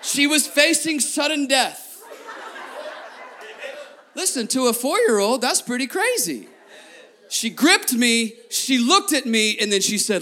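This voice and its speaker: A man in his thirties, a pastor preaching a sermon to his congregation, telling stories lively, repeating phrases and talking straight to the crowd. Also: extremely high pitch, unhurried. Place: church before a congregation.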